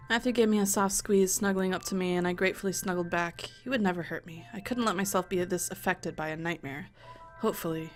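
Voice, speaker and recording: Bright, swearing young woman reading a game. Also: on the low side. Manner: expressive, profane, jokey asides. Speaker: let's play host. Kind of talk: reading a visual novel aloud with casual commentary. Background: faint music.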